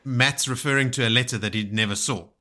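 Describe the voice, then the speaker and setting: A man's voice: medium pitch, fast, sharp tone. A man co-hosting a casual book discussion podcast, chatty and quoting passages with animation. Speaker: podcast co-host.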